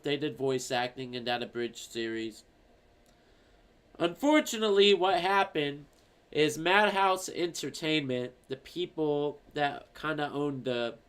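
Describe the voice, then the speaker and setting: A young man chats casually on a stream, telling rambling, profanity-filled stories. His voice is a little high and smooth.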